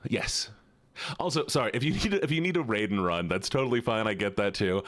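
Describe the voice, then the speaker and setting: A man streaming live, chatting with viewers in an excitable, chatty way and greeting and thanking them. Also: fairly low pitch. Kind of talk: casual livestream chat.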